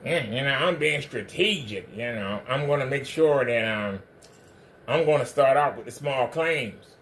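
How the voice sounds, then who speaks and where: A man's voice: mid-range voice, lively intonation, a bit bright, slight background noise. A man putting on the voice of a forgetful old man who rambles and stammers, to mock someone. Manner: mocking, halting, full of stammered fillers.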